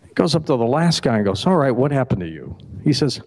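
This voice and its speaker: A middle-aged man, a radio host, telling a long joke at a festival stage and acting out each character with sudden pitch jumps. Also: big pitch swings, fast, darkish tone. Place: festival stage before an audience.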